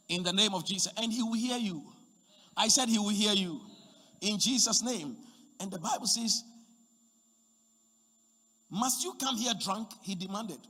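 A man preaching a sermon as pastor, swinging from shouted appeals to hushed, near-whispered lines. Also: high-pitched, husky. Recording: long hall reverb.

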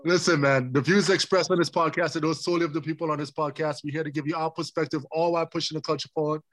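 A man's voice: on the high side, fairly even intonation, quick pace, a bit bright. A man hosting a casual podcast over a video call, upbeat and laughing as he greets his co-hosts. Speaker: podcast host. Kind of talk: casual chat. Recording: remote call.

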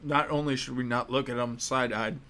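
A man's voice: medium pitch, fairly even intonation, a little fast, sharp tone. A young American man giving opinionated, casual commentary in a sarcastic, mocking and profane way. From United States.

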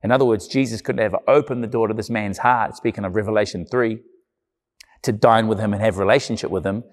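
A man's voice: lowish voice, steady tone, brisk. A man preaching a sermon in an earnest, conversational way, with emphatic repeated phrases. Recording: long church-hall reverb.

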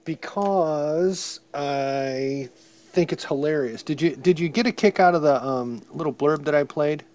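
A man's voice: a little high, a little slow, darkish tone. Joking casual male podcast host. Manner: jokey, rambling. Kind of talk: casual chat.

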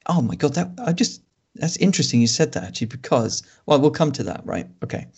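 A man co-hosting a film podcast, reviewing a movie in a dry, sardonic way with many pauses and ums. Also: medium pitch, very animated, vocal fry, a little mellow, breathy edge. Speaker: podcast co-host reviewing films. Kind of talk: casual film review chat. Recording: dull lo-fi podcast audio.

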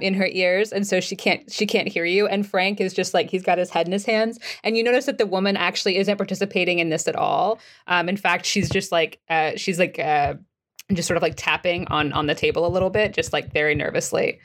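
A woman game master narrating a tabletop role-playing scene in a relaxed, hesitant way, with many fillers. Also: lowish voice, brisk.

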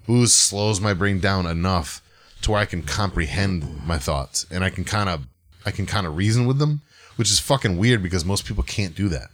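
A man co-hosting a podcast who tells long, rambling stories in casual chat, swearing freely. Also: low voice. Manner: rambling, profane storytelling. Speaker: podcast co-host.

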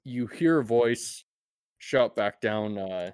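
A man's voice: medium pitch, takes it slowly, a little mellow, clear, resonant tone, dry recording, clean studio sound. A man narrating as game master of a tabletop game, laid-back and profane, with many fillers.

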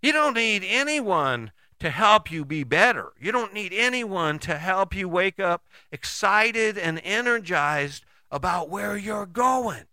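Lively, bright-voiced man giving a pep talk. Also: high voice, slow, hardly any pauses, no echo. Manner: folksy, acts out quoted people in short bits; often tags sentences with "right?". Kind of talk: casual motivational talk to camera.

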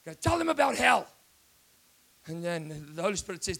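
A man with a South African accent preaching an excitable sermon, often breaking into shouts. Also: high voice, normal speed, creaky, long pauses, husky.

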